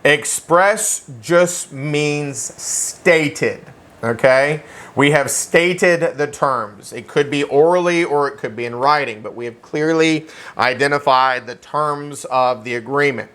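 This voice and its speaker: Man, slightly high voice, animated joking instructor, classroom lecture. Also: slow. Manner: animated, joking, asks "okay?" often. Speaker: real estate exam instructor.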